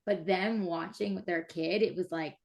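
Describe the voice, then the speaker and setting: A woman's voice: lowish voice, fairly even intonation, moderate pace, creaky. Woman, 30s, casual chat, gushing, enthusiastic, filler-heavy. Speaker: mother and breathwork practitioner.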